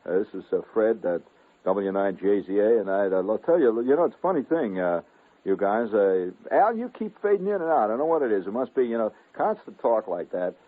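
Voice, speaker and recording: A man's voice: on the low side, sing-song, fairly quick. A man voicing a chatty middle-aged male ham radio regular who meanders through filler-heavy small talk. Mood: genial. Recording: narrow, phone-like old radio broadcast.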